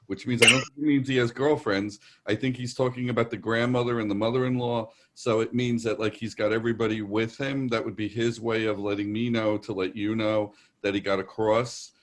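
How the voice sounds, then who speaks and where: Low-voiced man with a New York accent. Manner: rambling, reassuring, relays messages in quotes. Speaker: psychic medium. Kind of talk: live virtual show readings.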